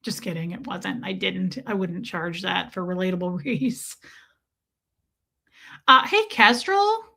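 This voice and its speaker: A woman's voice: medium pitch, lively intonation, slow, creaky, pauses often, pushed and bright, slightly rough. A woman live streamer chatting casually with her viewers, telling rambling, self-mocking stories.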